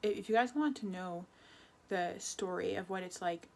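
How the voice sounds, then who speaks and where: A woman's voice: fairly low pitch, normal speed, vocal fry. A woman in her twenties talking through a personal confessional vlog, rambling and correcting herself as she goes. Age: 20s. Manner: rambling, self-correcting, emotional. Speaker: vlogger.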